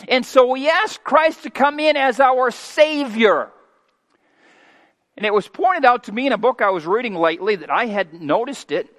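A man in his fifties preaching a sermon as pastor, folksy and homespun, moving from quiet asides to loud, emphatic preaching. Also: extremely high pitch. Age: 50s. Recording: long hall reverb.

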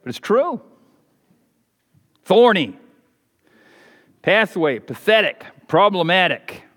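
High-pitched preacher guy in a big echoey church, fired up one sec then quiet asides. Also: very animated, slow pace. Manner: fervent preaching, swings between loud emphasis and quiet asides. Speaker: pastor. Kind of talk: sermon. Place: church sanctuary with balcony. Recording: long church reverb.

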